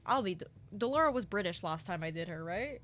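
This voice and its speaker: A young woman hosting a casual visual novel playthrough, excitable, reading narration aloud and joking. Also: lowish voice. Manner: excitable, reads narration aloud, quick jokes. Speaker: host.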